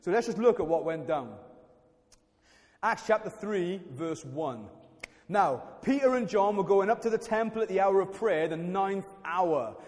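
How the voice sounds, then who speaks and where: Guy giving a sermon, high voice, casual and jokey, lots of restarts, big echoey church hall. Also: lively intonation, unhurried, a little mellow. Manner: chatty, self-deprecating, many restarts. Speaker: preacher.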